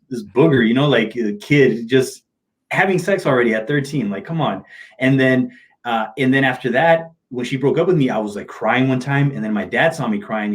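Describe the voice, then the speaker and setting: A middle-aged man talks candidly in an interview, telling personal stories with open emotion and easy slang. His voice sits at an ordinary male pitch, neither deep nor high. He sounds loose and conversational, like a motivational speaker off the stage.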